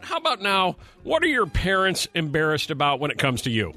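Bright jokey guy hosting morning radio, voice all over the place, little bit of music under it. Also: a little high, huge pitch swings, fairly quick. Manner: jokey, acts out quotes in mock voices. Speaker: radio morning show host. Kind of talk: casual radio banter.

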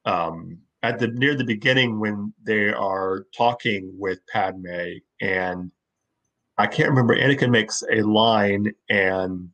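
A man's voice: lowish voice, slow pace, a bit bright. A man co-hosting a casual fan podcast, thoughtful and questioning, with frequent hesitant fillers. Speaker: podcast co-host.

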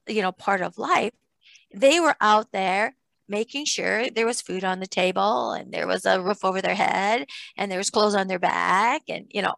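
A woman's voice: mid-range voice, vocal fry, a bit bright, no room sound. A woman in her sixties hosting a podcast, chatting in a rambling way and laughing between thoughts. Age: 60s. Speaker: podcast host. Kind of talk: casual podcast interview.

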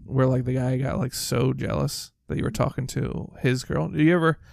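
A man's voice: mid-range voice, steady tone, moderate pace, gravelly, darkish tone, no echo, clean studio sound. A man co-hosting a podcast, chatting casually and asking his co-host questions about a film. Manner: conversational, asks questions, easy laughs. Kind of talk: casual chat recapping a film.

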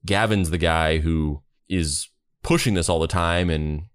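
A man's voice: deep voice, a little slow, clear, resonant tone, dry recording, studio quality. A man hosting a podcast in casual chat, rambling with many restarts. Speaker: podcast host.

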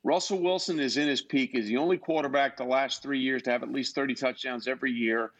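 A man chatting as a podcast guest, relaxed and explaining things as he goes. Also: mid-range voice, fast, highs cut off. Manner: relaxed, explains terms, easygoing storyteller. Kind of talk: casual interview chat.

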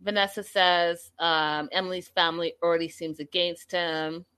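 A chatty woman hosting a livestream, retelling a reality show in a casual, opinionated way. Her voice sits a little low for a woman. She talks straight to her viewers as if they were friends. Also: level tone, normal speed, a bit bright, clean tone. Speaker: reality TV recap livestream host. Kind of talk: casual livestream recap chat.

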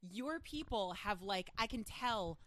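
A young woman co-hosting a casual podcast chat, animated and blunt, swearing freely. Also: a little slow, slight background noise. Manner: animated, swearing, laughing, jumps between high and low tones. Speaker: podcast co-host.

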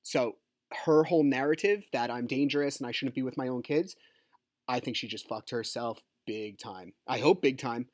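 In a casual monologue on his podcast, a divorced dad grows agitated over a custody battle, swearing, rambling, and stepping on his own sentences. He speaks at a normal speed in a medium-pitched, slightly mellow voice, with dry studio-quality audio.

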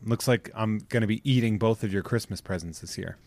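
A man's voice: lowish voice, brisk, darkish tone. A man co-hosting a comedy podcast, playfully acting offended during the banter. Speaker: podcast co-host.

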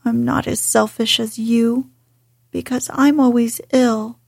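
A woman voicing a sickly, spoiled young boy, sulky and self-pitying, in a breathy whisper. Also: a little high, level tone, takes it slowly, darkish tone, dry recording, studio quality, exaggerated voice. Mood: petulant.

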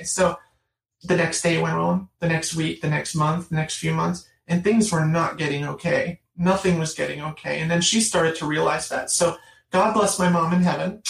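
A middle-aged woman, a guest in an interview, tells her personal story earnestly and emphatically, repeating phrases for stress. Her deep, creaky voice keeps fairly even intonation at normal speed. The mic is distant and the room sound noticeable.

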